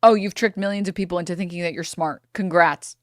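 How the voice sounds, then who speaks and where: A woman's voice: fairly low pitch, fairly even intonation, fast talker, no echo, clean studio sound. A young woman streamer ranting angrily in a profane reaction commentary, breaking into laughter between outbursts.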